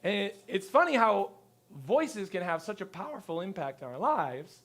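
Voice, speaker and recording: A male pastor giving a conversational sermon to his congregation, telling lively stories and acting out the people he quotes. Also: high-pitched, moderate pace. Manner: lively storyteller who acts out quotes. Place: church service before a congregation.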